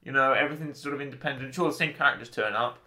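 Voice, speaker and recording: Casual film chat, guy with a bright voice ribbing his co-host. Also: medium pitch, very fast. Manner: teasing, playful. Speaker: podcast co-host.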